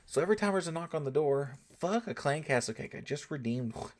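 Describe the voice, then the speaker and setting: A man's voice: a little high, lively intonation, fast. A young man with a Southern US accent, chatting casually with his viewers while streaming a game, joking and laid-back. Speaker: gaming streamer. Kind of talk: casual live-stream chat.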